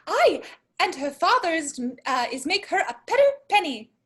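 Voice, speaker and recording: A woman reading a fussy, comic parson with a put-on accent in a casual amateur play reading, lively and at times laughing through the lines. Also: very high voice, normal speed, heavily acted. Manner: lively, breaks off laughing at her own accent. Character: comic fussy Welsh parson, middle-aged man.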